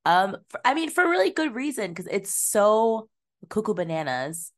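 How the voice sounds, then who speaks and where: A woman's voice: medium pitch, very animated, normal speed. A woman co-hosting a podcast, chatting casually about a movie, swearing freely and slipping into mocking impressions. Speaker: podcast co-host. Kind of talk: casual movie-review chat.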